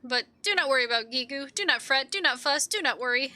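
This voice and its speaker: A woman's voice: sits high, lively intonation, fast, sharp tone, no room sound, pitched above the performer's own voice, heavily acted. A woman voicing a fussy, boastful little male foreman who piles up synonyms as he talks. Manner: repeats himself in breathless strings of synonyms.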